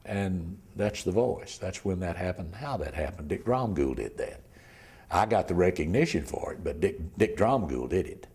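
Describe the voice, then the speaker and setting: An older criminal defense lawyer gives his account in an oral history interview, pausing haltingly, repeating words, and frequently trailing into a near whisper. He speaks with a deep voice, lively intonation, a darkish tone, and a breathy edge.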